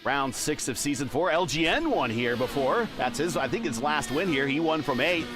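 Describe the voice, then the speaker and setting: A man's voice: a little high, expressive, normal speed, music in the background. A man doing sim racing broadcast commentary, reeling off driver stats and dropping jokey asides between calls. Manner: stat-heavy play-by-play with jokey asides. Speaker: race commentator.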